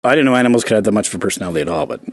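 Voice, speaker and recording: A man's voice: fairly low pitch, animated, very fast, creaky, dry recording. A man, co-hosting a casual podcast chat, blunt and teasing, swearing freely. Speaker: podcast co-host.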